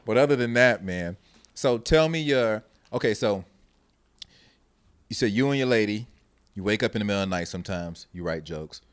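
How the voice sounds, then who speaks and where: A man's voice: on the low side, normal speed, pauses often, clean tone, no echo. A man hosting a podcast in casual chat, telling stories and acting out what people said. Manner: animated storyteller, acts out quotes. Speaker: podcast host.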